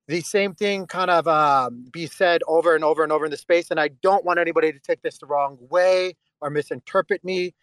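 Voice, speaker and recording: A man on a casual online group call, who argues his point bluntly and forcefully and swears freely. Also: a little high, dry recording. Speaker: guest speaker on a voice call.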